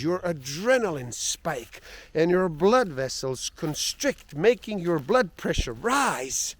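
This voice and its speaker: A man voicing a clever, measured sheikh in a spoken tale. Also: on the high side, a little hiss or hum. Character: clever, calm old Muslim sheikh.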